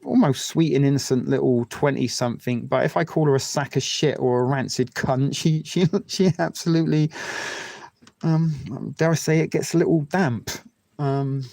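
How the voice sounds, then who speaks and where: A man's voice: mid-range voice, normal speed, gravelly, darkish tone, dry recording. A man with an English West Country accent hosting a livestream, rambling through crude jokes with lots of fillers and restarts. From England. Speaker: livestream host. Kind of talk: casual chat with viewers.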